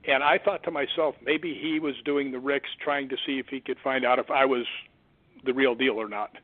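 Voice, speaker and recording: A man, a stuntman guest on an interview show, telling an eerie story in an animated way and acting out the voices of the people he quotes. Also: mid-range voice, moderate pace, no room sound. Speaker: guest, stuntman and ghost hunter. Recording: tinny phone line.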